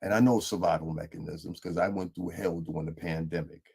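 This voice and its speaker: A man with gives a stern, lecturing monologue aimed at someone he addresses directly. His voice is very low and husky. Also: steady tone, brisk, mellow. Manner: lecturing, scolding tone. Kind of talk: commentary monologue.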